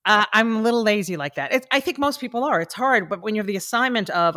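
A woman's voice: medium pitch, lively intonation, quick pace, a bit bright, no echo. Woman, podcast guest, reflective and earnest, frequent restarts, dry close sound. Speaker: guest, stage actor and coach. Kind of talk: casual podcast interview.

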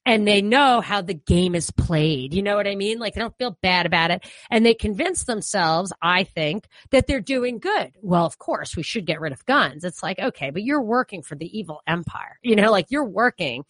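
A woman from New York with a New York accent, co-hosting a casual political talk show and talking in an animated, opinionated way full of "you know" fillers. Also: medium pitch, normal speed, few pauses, no room sound.

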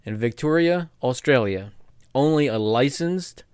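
Lively male co-host with a bouncy, expressive voice and dry, close sound. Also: medium pitch, a little slow, clean tone, no echo. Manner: animated, laughs often. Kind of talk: casual chat.

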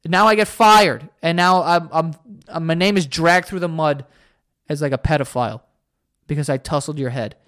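A man's voice: fairly high pitch, normal speed, fairly bright tone. A young man hosting a solo podcast, ranting in an exasperated, profane way. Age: young adult. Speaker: podcast host.

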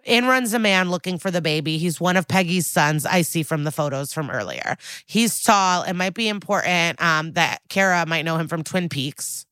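A woman's voice: on the low side, moderate pace, few pauses, a bit bright, clean tone, dry recording. A woman co-hosting a podcast, recapping a TV episode in a casual, wry, profane way. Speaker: podcast co-host.

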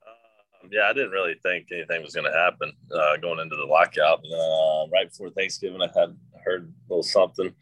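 Low voiced southern dude from georgia, laid-back, lots of ums, dry close sound. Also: male voice, a little fast, dry recording, low-quality recording. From Georgia, USA. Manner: relaxed, laid-back, hesitant fillers. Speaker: guest baseball player. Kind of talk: casual interview answers.

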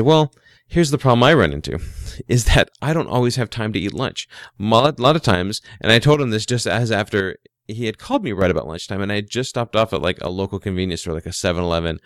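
A man's voice: lowish voice, dry recording, studio quality. A man who runs a small IT business, casually telling a story and giving advice, chatty and often restarting his words. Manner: chatty, repeats words, acts out quoted dialogue.

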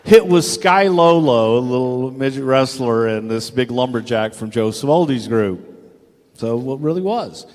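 A man's voice: mid-range voice, long reverb tail. An older man telling a rambling, profane anecdote in a casual chat, acting out the voices of the people he quotes. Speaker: storyteller guest.

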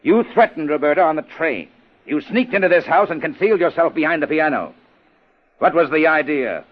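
A man voices a young, wry police inspector who questions people drily and firmly, his pitch moving lively. The recording is dull and muffled like an old radio broadcast. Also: fairly quick, lightly acted. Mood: sharp. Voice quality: dry, commanding. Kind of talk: 1950s radio drama acting.

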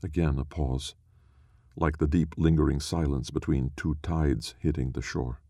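Deep, gravelly male story narrator. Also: steady tone, unhurried, mellow, no echo, studio quality.

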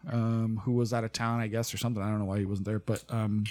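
A man chatting casually as a podcast guest, relaxed and rambling, laughing often. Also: fairly low pitch, fast talker. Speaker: guest and pipe band member. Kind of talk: casual chat.

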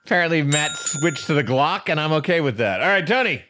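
A man's voice: a little high, expressive, a little fast. A man co-hosting a comedy podcast, bantering with mock outrage and laughing often. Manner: playfully indignant, laughing often. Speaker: podcast co-host.

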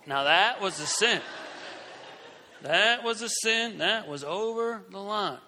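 A middle-aged man telling a story in a sermon, animated and acting out the voices of the people in it. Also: sits high, a little slow, pauses often, long reverb tail. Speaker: Christian speaker.

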